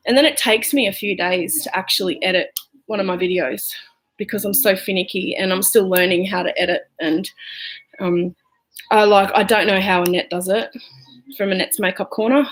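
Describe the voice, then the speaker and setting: A woman's voice: medium pitch, fairly even intonation, normal speed, poor audio. A young woman with a broad Australian accent talks her way through her makeup on a casual livestream. She rambles and chats with viewers, with plenty of fillers along the way. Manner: chatty and rambling, with many fillers, answering viewers. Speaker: vlogger and hairdresser. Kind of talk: casual livestream chat while doing makeup. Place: home room.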